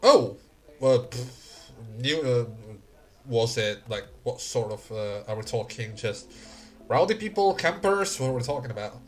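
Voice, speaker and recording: A man's voice: mid-range voice, animated, faint music behind, lightly acted. A man voicing a hesitant company man on a call. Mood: surprised. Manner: hesitant, halting with many fillers. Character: male dig company employer on a call.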